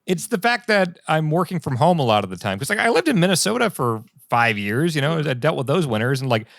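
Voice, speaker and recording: A man's voice: a little high, very animated, fairly quick, vocal fry, a bit bright, dry recording, clean studio sound. A man in his thirties co-hosting a podcast, chatting casually and telling stories with animation. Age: 30s. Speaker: podcast co-host. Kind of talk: casual chat. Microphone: remote call.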